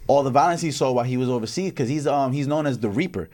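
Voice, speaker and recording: Young man, podcast co-host, quick talker, casual and profane, laughs often. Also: mid-range voice, background noise. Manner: fast, animated, profane storytelling with frequent laughs. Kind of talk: casual chat.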